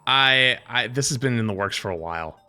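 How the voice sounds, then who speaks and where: Lively, animated male streamer. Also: mid-range voice, a little fast, smooth, faint music behind. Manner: animated storyteller, mimics other people's voices. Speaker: live streamer. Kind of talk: casual live-stream chat.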